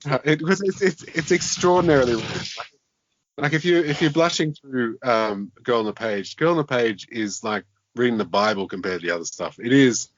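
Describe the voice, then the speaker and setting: A man's voice: medium pitch, a little fast, no room sound. A man, a guest author chatting casually and self-deprecatingly, often restarting his sentences. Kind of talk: casual interview chat. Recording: dull lo-fi podcast audio.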